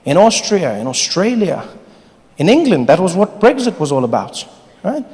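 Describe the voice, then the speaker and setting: A man from South Africa performing stand-up comedy, telling stories in an animated, exaggerated way. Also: sits high, normal speed, slightly rough. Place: large theatre, live audience. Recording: live hall, audience laughter.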